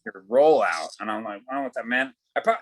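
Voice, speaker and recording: A man's voice: medium pitch, animated, fast talker, poor audio. A middle-aged man, an actor, telling stories in a casual interview, acting out quoted dialogue and swearing casually. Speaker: actor guest.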